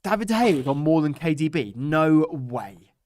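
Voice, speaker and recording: A man co-hosting a live football watchalong, laughing and reacting excitedly to the match. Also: on the high side, moderate pace. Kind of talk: casual live match commentary.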